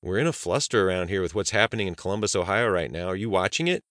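A man doing a raspy, flustered office guy. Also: sits low, expressive, quick pace, a bit bright, no echo, clean studio sound. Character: raspy-voiced male ad agency worker, flustered.

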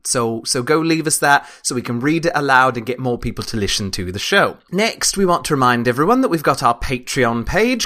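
Higher-voiced male host, put-on British accent, playful and self-mocking, reading the ad break. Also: a bit bright. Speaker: dungeon master and podcast host. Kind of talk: mid-show podcast announcements.

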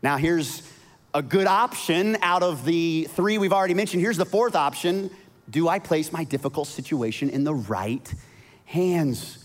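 A middle-aged male pastor preaching a sermon, telling a family story with animated swings and soft, quiet asides. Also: a little high, a little slow. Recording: long reverb of a large hall.

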